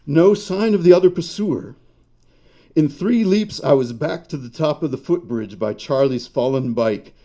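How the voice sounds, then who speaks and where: Brief: male author, slow deliberate reading voice, dark mellow tone, live reading. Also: medium pitch. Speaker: author reading his fiction. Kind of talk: reading a story aloud. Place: bar reading event.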